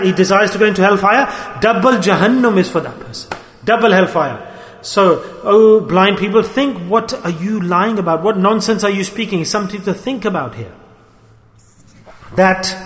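A man's voice: high voice, moderate pace, fairly bright tone. An older man delivering a stern, admonishing sermon as a Sufi teacher, repeating his key points for emphasis. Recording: echoey hall.

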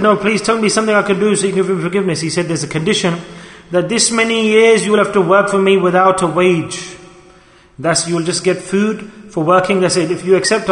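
A high-pitched man delivers a sermon, telling a moral story and pressing the listeners with urgent, repeated questions. He speaks in fast bursts. His voice rings through a roomy hall with a long reverb tail. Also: fairly bright tone. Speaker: preacher.

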